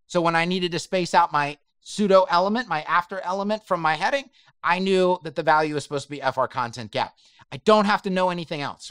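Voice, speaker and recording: A man's voice: high-pitched, fairly bright tone, clean tone, no room sound, clean studio sound. A man giving a chatty, emphatic screen-share web design tutorial and speaking straight to his viewers.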